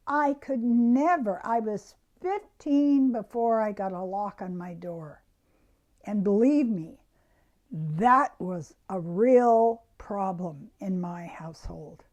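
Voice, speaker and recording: A woman giving a reflective self-help talk to her viewers, soft-spoken and often dropping to a hushed near-whisper. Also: mid-range voice, takes it slowly.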